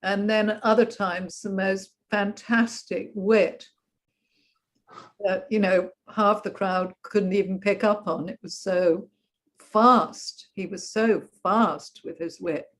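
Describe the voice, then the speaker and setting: A woman's voice: mid-range voice, steady tone, takes it slowly. A woman joining a video call chat, talking enthusiastically and effusively. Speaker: participant. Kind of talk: casual chat.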